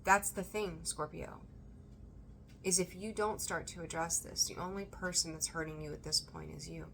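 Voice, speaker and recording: A woman reading tarot for her viewers, emphatic and animated, repeating phrases for emphasis and swearing now and then. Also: sits low, normal speed, creaky, a little hiss or hum. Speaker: tarot reader. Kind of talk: intuitive tarot reading to camera.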